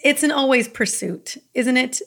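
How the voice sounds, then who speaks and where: A woman's voice: high-pitched, normal speed, fairly bright tone. A woman hosts an interview conversation. She asks her questions with curiosity, hedging and circling back with casual fillers. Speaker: host.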